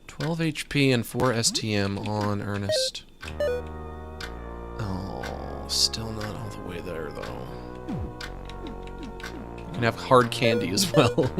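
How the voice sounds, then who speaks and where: A man's voice: mid-range voice, big pitch swings, takes it slowly, long pauses, a bit bright, faint music behind. A young man giving casual, joking commentary while streaming a video game, rambling and looping silly bits. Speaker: let's-play streamer.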